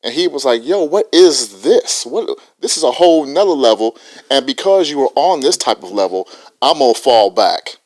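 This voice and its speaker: A man's voice: mid-range voice, animated, normal speed, darkish tone. A man co-hosting a podcast, animatedly retelling a story with lots of profanity. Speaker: podcast co-host. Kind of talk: casual podcast banter.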